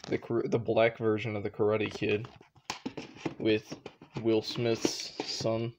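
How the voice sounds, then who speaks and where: A man's voice: lowish voice, monotone, slow pace, background noise. A young man casually talking through his shelves at home in a rambling, unsure way, full of offhand asides. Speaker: vlogger.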